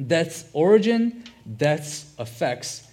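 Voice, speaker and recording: A man preaching a sermon as a pastor, earnest and steady, repeating key phrases for emphasis. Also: on the high side, slow pace.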